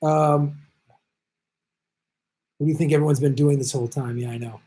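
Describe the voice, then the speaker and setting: A man hosting a live political stream, talking bluntly and profanely, swinging from low mutters to loud outbursts. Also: steady tone, normal speed. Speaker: host.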